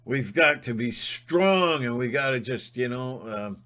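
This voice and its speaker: Slow, bright-voiced man on a rant. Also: medium pitch, lively intonation. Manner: emphatic, fired-up, sometimes shouting. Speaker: channel host. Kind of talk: ranting monologue.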